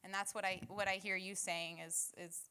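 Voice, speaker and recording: A woman's voice: mid-range voice, flat delivery, normal speed, pushed and bright, clear, resonant tone. A woman co-hosting a casual faith talk, thoughtful and searching, with hesitant restarts. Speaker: co-host.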